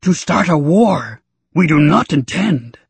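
A man voicing a small, ancient male master who speaks calmly with inverted word order in a raised, raspy voice. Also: a little high, slow pace, dry recording, pitched above the performer's own voice, heavily acted.

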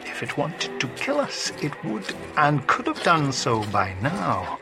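A man's voice: fairly high pitch, wildly swooping pitch, unhurried, music in the background, heavily acted. A man playing a bold, witty and sardonic eccentric time traveller in an audio story.

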